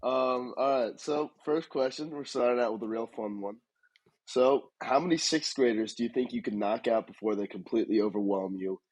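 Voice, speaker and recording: A man's voice: medium pitch, moderate pace, darkish tone, poor audio. A man working as a podcast intern, reading out game questions in an easygoing, slightly hesitant way. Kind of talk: casual podcast segment.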